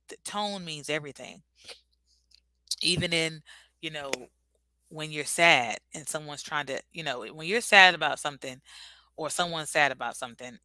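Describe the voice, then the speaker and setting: A woman's voice: deep voice, bright, forceful tone, no room sound. A woman vlogger giving a casual, earnest and reflective motivational talk.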